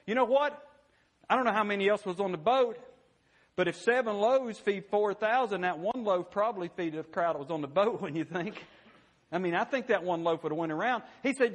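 High-voiced folksy man preaching. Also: animated, a little fast. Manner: folksy, conversational, repeats "you know what?". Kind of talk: sermon.

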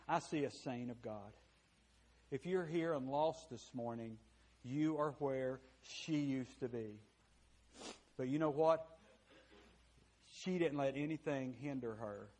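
A fairly high-voiced man preaching a sermon to his congregation. He speaks in a plain, folksy way, rising into loud bursts and dropping to hushed, confessional tones. Words stumble and repeat as he presses each point. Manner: impassioned, swinging from loud to hushed; repeats words and restarts phrases while preaching. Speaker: pastor.

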